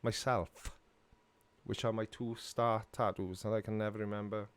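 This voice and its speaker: A man's voice: on the low side, fairly even intonation, moderate pace, smooth, no room sound. A middle-aged Welsh man hosting a casual live-stream Q&A, reading viewer comments and answering them in a chatty, self-mocking way. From Wales.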